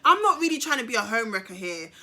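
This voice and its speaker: A young woman, telling a story to camera in a casual, animated, slangy way. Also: on the high side, fast talker. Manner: chatty, animated, slangy, swears. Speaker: storytime vlogger.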